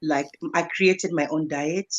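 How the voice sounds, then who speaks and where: A woman's voice: sits low, fairly even intonation, slow pace, muffled recording. A woman speaking as a guest in an online live talk, earnest and motivational, repeating phrases for emphasis. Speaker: guest speaker, kidney patient.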